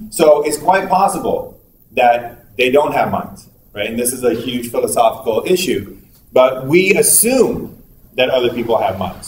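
A male university lecturer giving a conversational classroom lecture, acting out little dialogues as examples. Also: mid-range voice. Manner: conversational, acts out little dialogues with quick asides. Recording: echoey room, picked up from a distance with faint noise.

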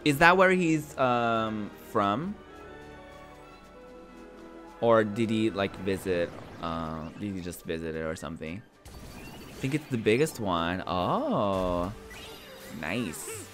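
A man's voice: lowish voice, big pitch swings, takes it slowly, long pauses, a bit bright, soft background music. A man from northern Portugal, chatting casually and rambling while he streams a game, often repeating his words. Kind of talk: casual chat while gaming.

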